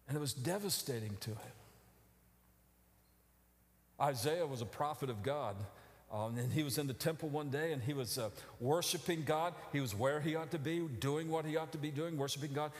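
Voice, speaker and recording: High-voiced pastor in a reverberant hall. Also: male voice, normal speed. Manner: builds from low reflective tones to loud, emphatic outcries. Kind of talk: sermon. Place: church sanctuary.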